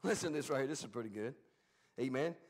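A pastor preaching a Bible study sermon in a folksy, plain-spoken way, swinging between loud emphatic bursts and quiet asides. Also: male voice, medium pitch, lively intonation, fast talker.

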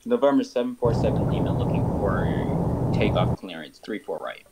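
A man playing a pilot on a flight simulator voice server, making halting radio calls full of pauses. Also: fairly low pitch, animated. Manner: hesitant, many uhs. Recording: voice chat over loud engine noise.

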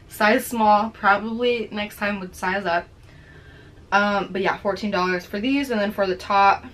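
A woman's voice: mid-range voice, a bit bright. Young woman, chatty try-on haul talk, slightly breathless, faint background noise. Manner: chatty, rambling, self-teasing asides. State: a little out of breath. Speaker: fashion vlogger. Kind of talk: casual try-on haul chat.

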